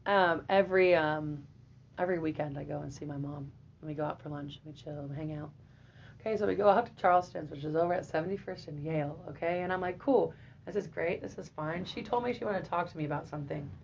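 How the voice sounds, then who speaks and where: Animated, swearing young woman telling a story. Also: sits low, fast, gravelly, slight background noise. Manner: animated, profane, laughing. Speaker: guest. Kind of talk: casual storytelling. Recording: dull lo-fi audio.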